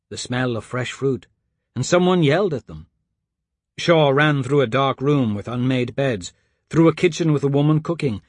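A man reading a children's adventure story aloud in an even, steady storytelling manner. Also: medium pitch, no room sound. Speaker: narrator. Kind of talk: audiobook narration.

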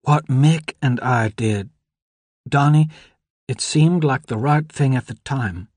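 A man reading an audiobook, voicing a frail, shivering young woman with a small, quiet voice. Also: medium pitch, slow pace, husky, no echo, studio quality. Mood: pleading. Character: weak, frightened, cold young woman.

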